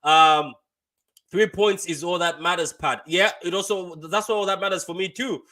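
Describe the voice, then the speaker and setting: A young man hosting a casual live football reaction stream, chatty and quick to laugh, reading viewer comments aloud and repeating his phrases. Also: sits high, sharp tone. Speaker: fan channel host.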